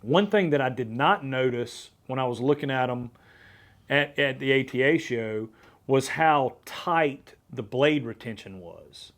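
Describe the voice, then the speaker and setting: A male podcast host tells a story in relaxed, casual conversation. His voice sits in an ordinary middle pitch. He talks with animated energy and often restarts his sentences. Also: measured pace.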